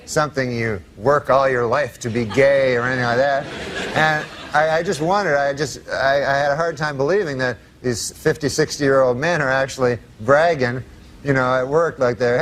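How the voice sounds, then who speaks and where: A man telling jokes in a rambling, deadpan way, full of "you know" asides, in stand-up and talk show anecdotes. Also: medium pitch, moderate pace, a little hiss or hum. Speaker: comedian.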